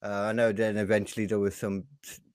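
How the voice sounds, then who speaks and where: A man's voice: fairly low pitch, level tone, brisk, darkish tone, no room sound. A man, a stand-up comedian, rambling and joking in casual podcast banter. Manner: rambling, joking, laughs often.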